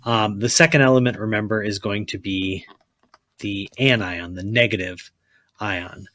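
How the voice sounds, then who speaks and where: A man's voice: fairly low pitch, measured pace, fairly bright tone, no echo. A man teaching a chemistry lesson, blunt and repetitive, often checking with "okay?" and telling students to write things down. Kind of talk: classroom lecture.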